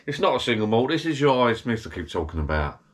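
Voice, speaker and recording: A man's voice: mid-range voice, big pitch swings, fast talker. A man rambling in casual chat from his backyard garden bar, drifting from topic to topic. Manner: rambling, digressive, chatty. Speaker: vlogger.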